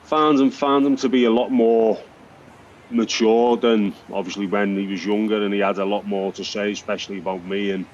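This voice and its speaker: Halting ex-boxer on dull-sounding radio. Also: male voice, fairly low pitch, steady tone, a little hiss or hum. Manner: halting, thoughtful, many restarts. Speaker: former boxer, pundit. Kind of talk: radio sports chat. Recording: dull broadcast audio.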